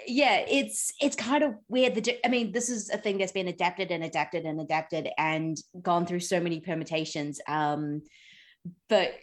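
A woman's voice: fairly low pitch, normal speed. A woman guesting on a podcast in a casual chat, rambling with many ums and frequent laughs.

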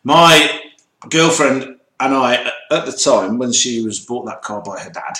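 A man's voice: medium pitch, animated, a little slow, sharp tone. A middle-aged man co-hosting a casual livestream, telling jokey stories and laughing as he goes. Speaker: co-host. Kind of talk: casual banter on a livestream show. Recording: roomy echo.

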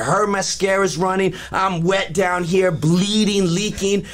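A man's voice: high-pitched, fairly even intonation, measured pace. A man telling a wild personal story in casual, profane talk, often laughing. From Los Angeles area. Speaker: guest performer.

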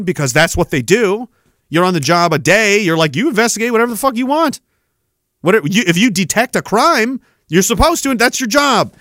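A man's voice: high voice, pushed and bright, no echo, clean studio sound. A man hosting a podcast, delivering a heated, profane rant full of emphatic repetition. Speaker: podcast host. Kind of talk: angry political rant.

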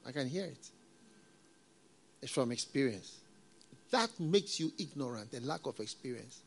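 A middle-aged man preaching a sermon as a pastor, talking in a conversational, repetitive way with folksy proverbs and soft chuckles. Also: medium pitch, expressive, a little slow, gravelly.

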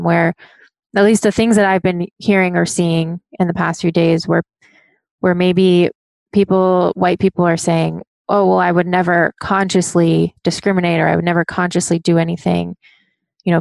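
A woman's voice: on the low side, gravelly, darkish tone, no room sound. A woman interviewer asking thoughtful, probing questions with small restarts.

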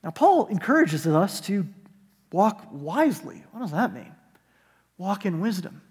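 A man preaching a sermon, telling a story and moving between hushed, soft moments and rising, emphatic calls. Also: high voice, big pitch swings, a little slow, breathy edge. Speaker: pastor. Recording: long hall reverb.

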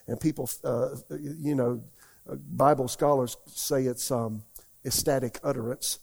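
A man's voice: mid-range voice, fairly even intonation, a little slow, gravelly, darkish tone, husky. An older man preaching a folksy, rambling sermon in a church, often asking the congregation questions. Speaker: pastor. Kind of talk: conversational sermon.

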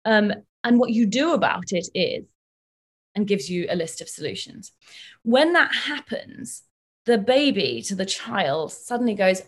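A woman clinical psychologist explaining ideas in a relaxed interview, measured and thoughtful, using everyday examples. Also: mid-range voice, husky.

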